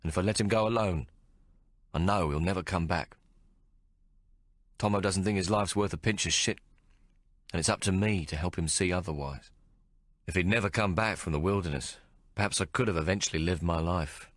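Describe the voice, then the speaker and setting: A man reads a first-person novel in a very low, deep voice, holding his pace measured and restrained. He is close on the mic in a dry booth with no room sound. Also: fairly bright tone, no room sound. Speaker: audiobook narrator. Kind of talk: first-person audiobook narration.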